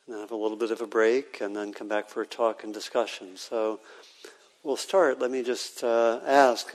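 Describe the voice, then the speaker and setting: A man teaching meditation to a live group, speaking slowly with frequent pauses and fillers. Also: medium pitch. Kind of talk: guided meditation instruction. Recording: reverberant hall sound.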